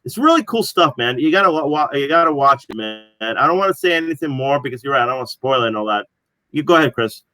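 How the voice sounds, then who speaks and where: A man's voice: mid-range voice, expressive, fast talker, bright, forceful tone, faint music behind, poor audio. A man co-hosting a casual pop culture podcast, retelling a show's plot in a rambling way full of fillers. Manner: rambling, filler-heavy storytelling. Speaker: podcast co-host. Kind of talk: casual chat.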